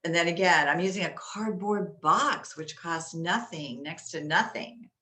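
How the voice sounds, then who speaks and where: A loud, chatty woman explaining dog training in a ringing, bright voice over a roomy echo. She talks on the low side and sounds forceful, with plenty of ums as she goes. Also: a little slow. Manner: loud, chatty, with many fillers. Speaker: dog owner teaching at-home dog games. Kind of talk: casual how-to talk. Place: inside a home. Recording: echoey room.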